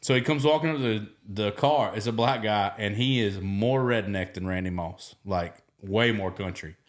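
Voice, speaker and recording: A man with a Southern US accent, hosting a podcast and telling stories in casual chat, animated, swinging between loud and soft. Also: on the low side, normal speed. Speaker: podcast host.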